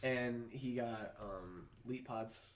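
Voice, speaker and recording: A man's voice: medium pitch, slow pace. A young man co-hosting a podcast, chatting casually with plenty of laughter and swearing. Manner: laughing, profane, excitable. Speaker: podcast co-host. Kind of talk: casual chat. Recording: echoey room, faint noise.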